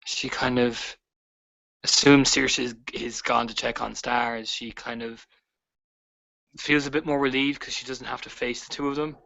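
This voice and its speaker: A man's voice: mid-range voice, level tone, normal speed, creaky. A man playing a tabletop role-play game, hesitantly describing what his character does, with many fillers. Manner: hesitant, filler-heavy, with soft laughs. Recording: dull lo-fi audio.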